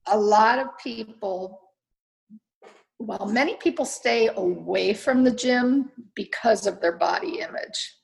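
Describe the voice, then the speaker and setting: A woman's voice: medium pitch, takes it slowly, creaky, low-quality recording. A woman who runs her own training studio, answering interview questions in an earnest, encouraging way with frequent fillers. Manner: earnest, encouraging, talks through ideas with many fillers.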